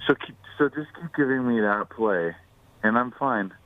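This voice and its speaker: A man's voice: mid-range voice, expressive, moderate pace, no echo. A man co-hosting a sports betting radio show, casual and teasing, laughing easily. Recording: dry phone-line sound.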